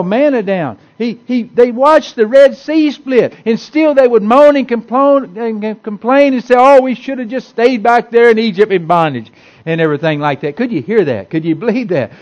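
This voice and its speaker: High-voiced man preaching folksy. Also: darkish tone, lo-fi sound. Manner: folksy, repetitive, conversational preaching with many restarts. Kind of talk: sermon. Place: church hall with a congregation.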